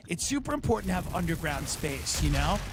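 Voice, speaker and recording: A man's voice: sing-song, fairly quick, very noisy. A man doing a pushy, salesy luxury realtor. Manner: salesy, ingratiating pitch.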